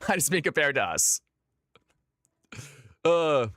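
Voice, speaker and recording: A man's voice: fairly high pitch, sing-song, takes it slowly, a bit bright, no echo, clean studio sound. A man from Georgia in the US, hosting a live stream and calling custom games with a hyped announcer delivery. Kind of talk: live game commentary.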